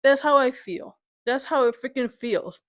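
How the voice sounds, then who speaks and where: A woman's voice: high-pitched, measured pace, dry recording. A young woman ranting in frustration as a vlogger, swearing and repeatedly asking if you understand. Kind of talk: angry sports rant.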